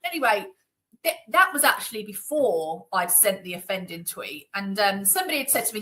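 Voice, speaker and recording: A woman's voice: mid-range voice, sing-song, fairly quick, fairly bright tone, rough recording. A woman being interviewed, talking in a chatty, indignant way with lots of fillers. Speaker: interview guest. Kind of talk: conversational interview. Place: Northamptonshire.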